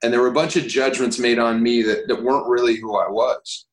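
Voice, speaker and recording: A man telling stories in a casual interview, lively and profane, acting out what others said to him. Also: medium pitch, a little fast, echoey room, rough recording. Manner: animated, swears, acts out quoted voices. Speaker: guest actor.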